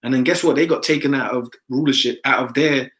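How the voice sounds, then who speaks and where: A man's voice: medium pitch, fast talker, a bit bright, poor audio. A man in casual discussion, talking emphatically and ending many phrases with "man".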